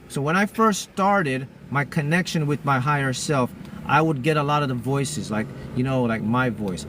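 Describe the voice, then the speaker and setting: A man's voice: a little high, a little hiss or hum. A man talking casually to his viewers as a spiritual mentor, rambling and often breaking off to restart his sentences.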